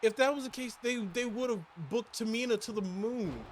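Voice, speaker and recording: A man with a Southern US accent doing casual video game commentary with a co-host, playful and quick to laugh. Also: extremely high pitch, slight background noise. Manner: playful, laughs often, talks excitedly in bursts.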